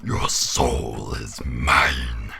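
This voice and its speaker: A man voicing a menacing male devil who claims souls, in a low, breathy whisper. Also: fairly even intonation, drawn-out words, sharp tone, slight background noise, exaggerated voice.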